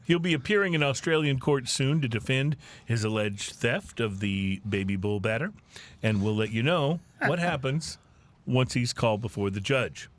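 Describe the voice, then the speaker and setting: A man's voice: mid-range voice, normal speed. A man hosting a playful drinking-news segment on a podcast, reading stories with theatrical, punny delivery.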